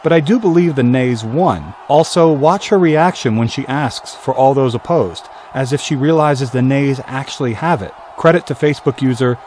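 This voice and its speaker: Male commentator, steady scripted voice-over, mid pitch. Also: moderate pace, few pauses, slight background noise. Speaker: video commentator.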